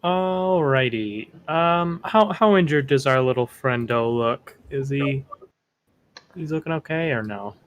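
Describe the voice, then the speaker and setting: Relaxed male tabletop player, casual and thinking aloud. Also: mid-range voice, unhurried. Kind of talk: casual game chat.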